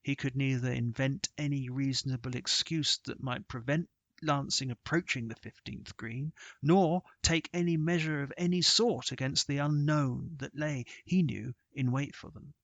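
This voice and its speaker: A man narrating a scripted horror story in a measured, steady way. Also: medium pitch, no room sound, highs cut off.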